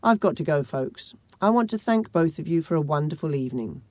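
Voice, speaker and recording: A woman's voice: low voice, expressive, a little fast, no room sound. A woman doing a drunk, smarmy dinner guest. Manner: jovial, fawning, slurred warmth.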